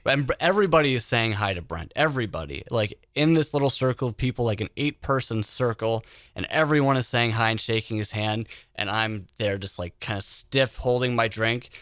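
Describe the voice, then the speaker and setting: A man hosting a podcast, telling an animated story in a casual chat. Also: mid-range voice, fairly quick, no room sound, clean studio sound. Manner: animated storyteller who acts out quoted voices. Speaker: podcast host.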